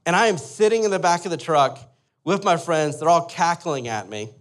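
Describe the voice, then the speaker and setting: A young adult man preaching a sermon, telling a story with lively energy and often calling on his listeners to picture the scene. His voice sits somewhat high for a man. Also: normal speed. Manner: animated storyteller, asks the audience to imagine. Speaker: pastor.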